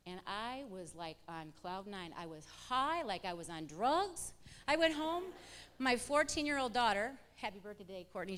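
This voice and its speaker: Middle-aged woman, church testimony, lively storyteller acting out dialogue, long hall reverb. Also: medium pitch. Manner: animated storyteller acting out quoted exchanges. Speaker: church member giving testimony. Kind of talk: personal testimony to a congregation.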